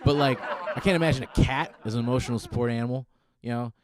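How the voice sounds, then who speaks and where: A man doing a stand-up comedy set on stage, laid-back and deadpan with lots of ums. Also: medium pitch, fast, crowd noise. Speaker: stand-up comic. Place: comedy stage before live audience.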